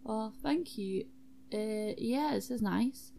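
A tipsy woman voicing a cocky male knight in a lowered, deadpan mumble. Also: slow, creaky, a little hiss or hum. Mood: flustered.

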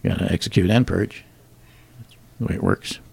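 A man's voice: low-pitched, steady tone, fairly quick, gravelly, a little mellow, husky. A man hosting a comedy talk show, reading joke headlines and bantering in a dry, wry way. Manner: dry, wry delivery with chuckles.

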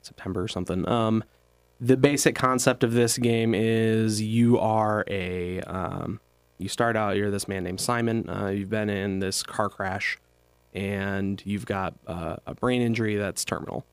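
Young male co-host, lowish voice, dry recording, rambling and hesitant. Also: fairly even intonation, measured pace, clear, resonant tone, no room sound. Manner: explains at length, hesitant. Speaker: podcast co-host. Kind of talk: casual chat.

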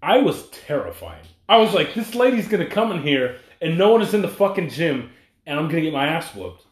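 A man's voice: on the high side, sing-song, fairly quick. A young man in casual podcast chat, telling a profane story and acting out the people in it. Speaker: podcast co-host. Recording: echoey room.

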